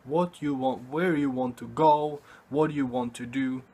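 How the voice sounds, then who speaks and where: Slow, earnest man giving a pep talk. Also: medium pitch, steady tone, mellow. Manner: earnest, halting, repeats himself and says "you know" often. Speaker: vlogger. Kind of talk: motivational vlog talk to camera.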